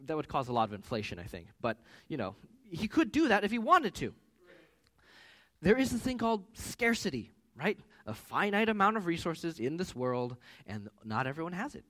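A man in his thirties preaching a sermon as pastor, with animated storytelling that rises loud for quoted voices. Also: a little high, normal speed.

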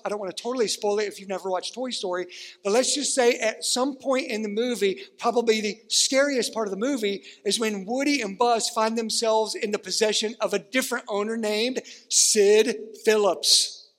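A man's voice: high-pitched, big-room sound. A man preaching a sermon as pastor, earnest and stretching out key words for emphasis.

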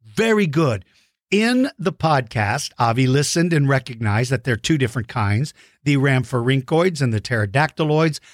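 A man's voice: mid-range voice, dry recording. Playful enthusiastic man, dry sound. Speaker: host of a kids' dinosaur show. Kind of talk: casual shout-outs to young fans.

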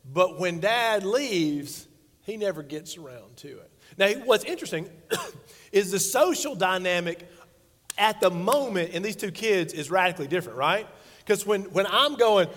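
Brief: man in his forties, pastor, high voice, joking conversational sermon, long hall reverb. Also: moderate pace, a bit bright. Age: 40s. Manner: playful, conversational preaching with acted-out quotes. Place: church sanctuary stage.

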